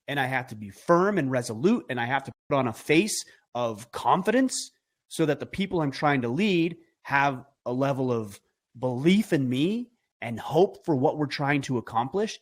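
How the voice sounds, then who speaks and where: A middle-aged man talking as a podcast guest, earnest and emphatic, building his points with rhetorical questions. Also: on the high side. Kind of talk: conversational podcast talk.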